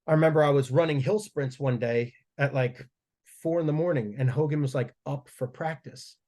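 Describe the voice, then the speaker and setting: A man talks casually as a guest on a podcast, rambling through stories and swearing freely. He restarts his sentences often, at an average pitch for a man. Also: moderate pace, a little mellow. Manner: profane, rambling storytelling with frequent restarts. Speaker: strength coach guest.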